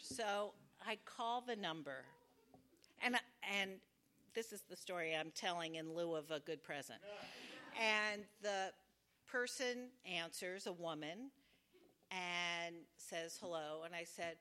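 A woman's voice: fairly low pitch, expressive, a little slow, sharp tone. A woman telling a wry, self-deprecating personal story at a live storytelling event, acting out the voices she quotes.

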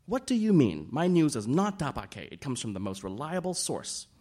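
A man's voice: medium pitch, very animated, normal speed, dark tone, voice pushed up. A man voicing a gossipy, conspiratorial middle-aged society woman. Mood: sly. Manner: sly, conspiratorial, turns frantic.

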